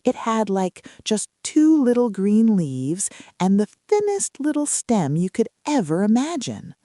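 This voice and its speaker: Woman telling a bedtime story, soft and chatty, slow, mellow tone, dry close sound. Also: mid-range voice, very animated, dry recording. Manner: soft, chatty, with casual fillers.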